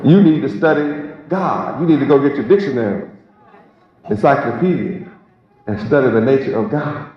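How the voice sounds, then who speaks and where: A man's voice: medium pitch, moderate pace. A man teaching a sermon in an emphatic, rhetorical way, drawing out key words. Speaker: religious teacher. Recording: echoey lo-fi hall recording with crowd.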